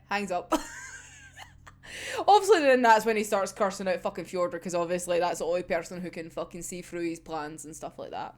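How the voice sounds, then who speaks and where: Animated, sweary woman with a lively pitch. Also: brisk. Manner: animated, sweary, laughs often. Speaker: anime episode reviewer. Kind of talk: casual episode discussion.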